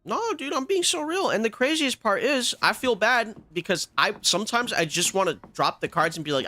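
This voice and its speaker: A young man chatting through a let's-play, his voice bright and a little high, swinging up and down with lively pitch as he rants and swears freely. He talks casually and animatedly, like someone at home behind the controller. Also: fairly quick, few pauses. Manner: animated, profane ranting. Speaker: gaming channel host.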